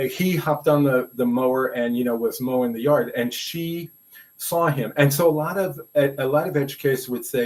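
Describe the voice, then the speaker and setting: A man's voice: mid-range voice, darkish tone, rough recording. An older man from Brooklyn, a veteran school administrator, telling stories in a casual, rambling way with many restarts and asides. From Brooklyn, New York. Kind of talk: casual conversational storytelling.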